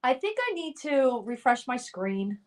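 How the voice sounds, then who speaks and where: A woman's voice: high-pitched, very animated, unhurried. A middle-aged woman hosting a livestream from home, reading viewers' chat comments aloud and running a guessing game. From Colorado. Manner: reads out chat messages and hosts a guessing game. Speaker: livestream host.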